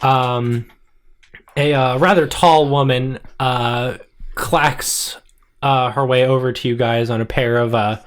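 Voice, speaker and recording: A man's voice: medium pitch, fairly even intonation, slow pace, smooth. Brief: male game master, playful, laughs a lot, loose fillers. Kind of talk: narrating a tabletop game.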